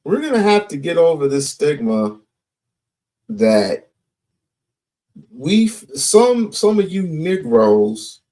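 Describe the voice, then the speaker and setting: Slow, emphatic man hosting commentary. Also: a little high, sing-song, dark tone. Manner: slow, emphatic, repeats himself. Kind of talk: casual commentary.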